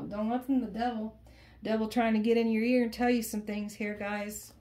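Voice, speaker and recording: A woman's voice: a little high, level tone, a little fast, warm tone, a little hiss or hum. A woman doing a casual tarot reading for viewers, talking in an emphatic, conversational way and often repeating her phrases. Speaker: tarot reader.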